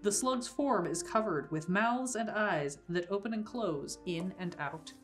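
A woman's voice: mid-range voice, lively intonation, measured pace. Lady gm reading out the room description, laughs a lot between bits, faint music behind. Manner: descriptive narration with frequent laughs and fillers. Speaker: game master. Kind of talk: narrating a tabletop game.

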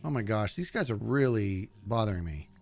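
A man's voice: on the low side, normal speed, vocal fry, soft background music. A man live-streaming a video game, chatting casually and joking at the enemies on screen as he plays. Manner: animated, jokey, talks to game enemies. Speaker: gaming streamer.

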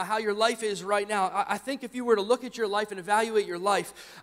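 High-voiced pastor telling a story in a reverberant hall. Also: male voice. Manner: animated storytelling, acts out his own shouts. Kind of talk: sermon with personal story. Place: church sanctuary.

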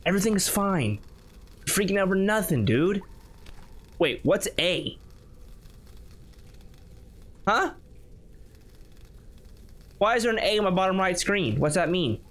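A man's voice: high-pitched, lively intonation, a little slow, pauses often, a bit bright. A man on a YouTube channel giving nervous, chatty running commentary while playing a horror game. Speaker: YouTube gamer.

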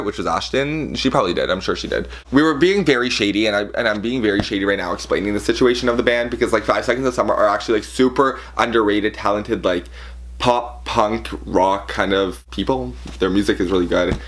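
A man vlogging a casual story, gossipy and animated, acting out what people said and peppering his talk with "like". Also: mid-range voice. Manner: animated, gossipy, acts out quotes with filler "like".

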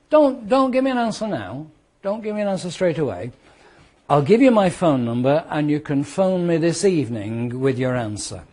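A man teaching a law class, lively and conversational, asking the students questions and walking them through made-up scenarios. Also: a little high. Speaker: law lecturer.

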